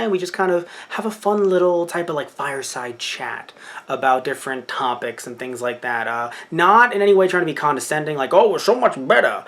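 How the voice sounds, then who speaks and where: A man's voice: mid-range voice, fairly bright tone. A man in his twenties hosting his channel, giving a casual, rambling update and often correcting himself mid-sentence. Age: 20s. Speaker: channel host.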